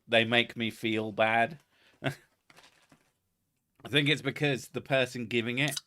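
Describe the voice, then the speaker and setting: A man's voice: medium pitch, steady tone, unhurried, long pauses, sharp tone, slight background noise. A young man, hosting a casual comedy chat in a crude, sarcastic manner full of swearing. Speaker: podcast host.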